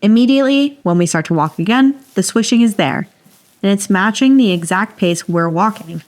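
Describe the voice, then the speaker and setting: A woman's voice: mid-range voice, animated, normal speed, a little mellow. Playful woman podcast host reading aloud. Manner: playful, laughs often, dramatic reading. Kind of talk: reading a listener's story aloud, casual chat.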